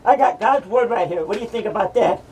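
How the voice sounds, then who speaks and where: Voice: mid-range voice, expressive, quick pace, a little mellow, far from the mic, a little hiss or hum, lightly acted, low-quality recording. A performer voicing a mocking male madman from hell who hosts a horror rant, taunting and cursing at the listeners. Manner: ranting, taunting, cackling, profane.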